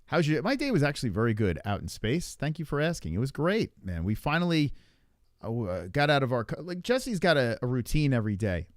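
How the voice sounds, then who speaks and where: Male streamer host, casual and rambling, bouncy animated delivery, swears and laughs at chat; close dry mic. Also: medium pitch, a little fast, dry recording. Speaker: livestream host. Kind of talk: casual live-stream chat reading viewer comments.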